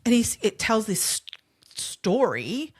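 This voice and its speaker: A woman's voice: a little high, big pitch swings, slow, breathy edge. A woman co-hosting a podcast, telling a true-crime story in a casual, chatty way, full of "like" fillers and casual swearing. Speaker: podcast co-host.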